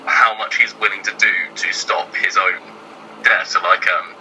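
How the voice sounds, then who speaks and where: A man's voice: on the low side, steady tone, moderate pace, pushed and bright, slight background noise, low-quality recording. A man talking as a guest writer in casual chat, hesitant and filling his speech with ums and "sort of".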